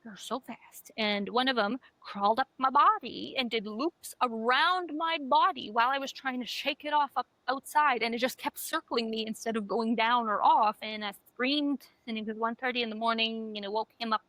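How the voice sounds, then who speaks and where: Bright-voiced woman telling animated stories. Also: fairly high pitch, moderate pace, hardly any pauses, no room sound. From Canada. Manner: animated storytelling, swears often. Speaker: podcast co-host. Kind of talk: casual chat.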